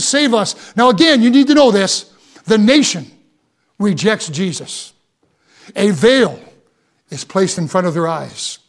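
High-voiced man preaching with fervor. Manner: impassioned preaching with repeated words and rising emphasis. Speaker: pastor. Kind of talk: sermon.

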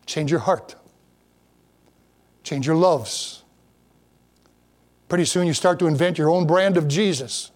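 High-voiced man preaching a sermon. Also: takes it slowly, long pauses, a little mellow. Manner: conversational preaching with joking asides; reads scripture aloud in King James wording. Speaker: pastor.

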